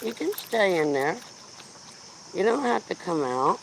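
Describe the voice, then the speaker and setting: Gravelly-voiced woman chatting outdoors. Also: lowish voice, big pitch swings, measured pace, slight background noise. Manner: blunt, chatty storytelling with frequent laughs. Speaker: vlogger. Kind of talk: casual rambling chat. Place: outdoors walking a dog.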